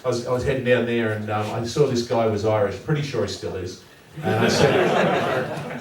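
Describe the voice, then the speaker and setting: A man's voice: mid-range voice, normal speed, heavy background noise. A man doing stand-up comedy, playful and chatty, laughing often and quizzing his audience. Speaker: guest comedian. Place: community hall. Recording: echoey hall, far mic, audience.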